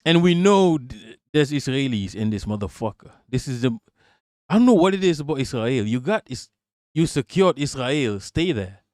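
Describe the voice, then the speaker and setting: A man's voice: mid-range voice, moderate pace, no room sound, studio quality. A man from Southeast Asia giving a heated, profane, mocking political rant on a live stream. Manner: profane, mocking, animated ranting with laughs.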